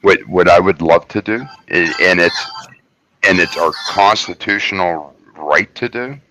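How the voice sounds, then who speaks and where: A man on a talk panel in heated political chat, speaking forcefully and stressing words slowly. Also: deep voice, slight background noise. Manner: forceful, emphatic, drawn-out stresses. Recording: dry, muffled lo-fi sound.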